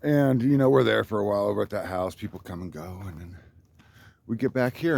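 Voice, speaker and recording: A man with a lowish voice rambles through a profane story about his own life. He sounds boastful and worked up, and his pitch leaps up whenever he quotes someone else. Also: a little fast, creaky, a little mellow. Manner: rambling, profane and boastful, voice jumps up when quoting others. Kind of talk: rambling monologue.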